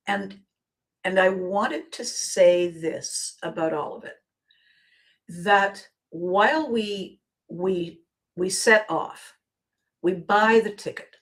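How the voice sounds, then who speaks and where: Earnest and fairly low-pitched, a woman leads a live motivational video, calling out viewers by name. She tends to restart sentences by repeating a word.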